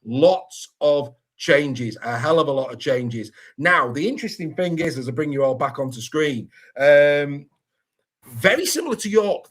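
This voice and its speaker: A man hosting a sports podcast in casual chat, lively and good-humoured as he stumbles over hard names. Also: on the high side, slightly rough. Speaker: podcast host.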